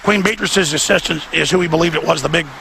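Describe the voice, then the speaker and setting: A man's voice: fairly high pitch, vocal fry, background noise. A male host giving fervent, repetitive on-location commentary outdoors. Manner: fervent, rapid, repetitive ranting. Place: outdoors outside an event venue.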